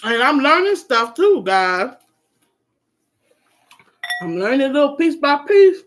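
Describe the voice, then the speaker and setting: A woman chatting casually on a live stream, shifting between bright greetings and quiet murmurs. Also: high-pitched, big pitch swings, unhurried.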